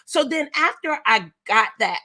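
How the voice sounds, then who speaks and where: A middle-aged woman giving an energetic, preachy motivational talk as a business coach and speaking directly to her live chat. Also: sits high, measured pace.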